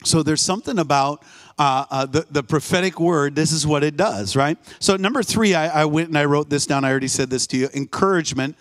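Lively storytelling man preaching a sermon. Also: fairly high pitch, fairly quick. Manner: lively storyteller acting out voices, calls for response. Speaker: guest preacher. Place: church sanctuary, live service.

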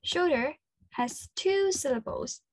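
A woman with an Australian accent leading an interactive children's lesson, slow and encouraging, full of praise. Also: high-pitched, lively intonation, a little mellow, no room sound. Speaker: children's speech clinic presenter.

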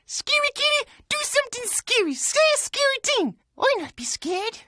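A woman voicing a chatty, excitable cartoon cat who talks in playful broken grammar. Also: very high-pitched, a little hiss or hum, full character voice. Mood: excited. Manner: bubbly, sing-song, repeats her own names in rapid chants. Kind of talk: cartoon voice acting.

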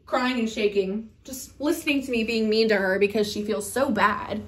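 Dramatic young woman telling a story. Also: on the high side. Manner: dramatic, fast retelling full of quoted exclamations. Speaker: vlogger. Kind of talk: casual storytime vlog.

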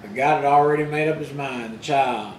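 A man preaching a sermon as pastor, retelling scripture in plain everyday speech and rising loud for the quoted rebukes. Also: medium pitch, a little fast, echoey room, a little hiss or hum, low-quality recording.

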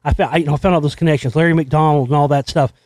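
A man hosting his own show, delivering a rambling, excitable monologue full of restarts and swearing. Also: on the high side, very fast, dry recording. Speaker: show host. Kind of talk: conspiracy commentary monologue.

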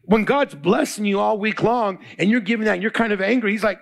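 A man's voice: high-pitched, lively intonation, a little fast, vocal fry, hardly any pauses. A male pastor preaching a sermon, quizzing the congregation in call-and-response.

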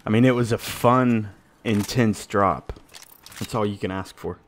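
A man's voice: fairly low pitch, measured pace. A man hosting a casual game session with friends, teasing them, laughing often and swearing freely. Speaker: gaming streamer host. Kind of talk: casual gaming chat with friends. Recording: noisy mic with clicks.

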